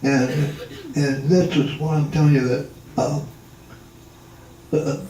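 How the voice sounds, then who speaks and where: A retired drummer and tap dancer in his eighties speaks slowly in a slightly high, mellow, level voice, telling life stories to a live family reunion audience. His talk rambles with many restarts and fillers. The indoor hall recording is distant, echoey, and has faint background hum.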